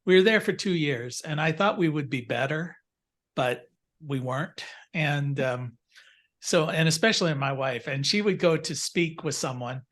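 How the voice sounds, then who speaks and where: Older man, slightly high voice, instructor type, loose rambling storyteller on a video call. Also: moderate pace, fairly bright tone. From United States. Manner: rambling, anecdotal, many fillers and restarts. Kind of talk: casual classroom storytelling.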